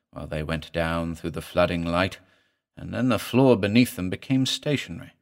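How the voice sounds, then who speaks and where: A man narrating a weird fiction story in a measured, even audiobook delivery. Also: deep voice.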